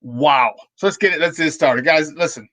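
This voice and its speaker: A man hosting a sports talk show, telling rambling, animated stories full of restarts. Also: a little high, brisk, no echo. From Chicago. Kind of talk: casual sports talk storytelling.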